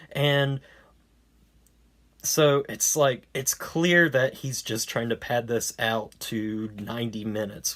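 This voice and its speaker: A man gives a casual spoken movie review at an unhurried pace, wry and a little sarcastic. His ordinary mid-pitched voice is a bit bright, and he rambles, trips over words and restarts sentences.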